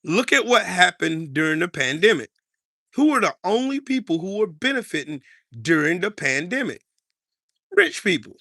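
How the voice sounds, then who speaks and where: A man's voice: sits high, very animated, moderate pace, creaky, sharp tone, no echo, studio quality. An American man delivering heated political commentary in an angry, profane, repetitive rant.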